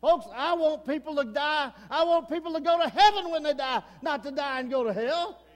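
A man with an East Texas accent delivers an impassioned sermon from the pulpit. His voice sits strikingly high and carries a long reverb from the church hall. He swings from shouted warnings to quiet, earnest pleading. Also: normal speed. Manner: impassioned preaching, swings between shouting and low earnest talk. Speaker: pastor. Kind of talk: fiery sermon. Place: church sanctuary.

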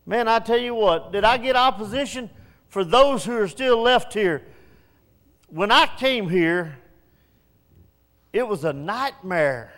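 A high-voiced man pastor preaching at an unhurried pace. He talks in a folksy, self-mocking way and builds to shouts. His voice rings with the long reverb of a church hall. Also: lively intonation. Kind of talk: sermon.

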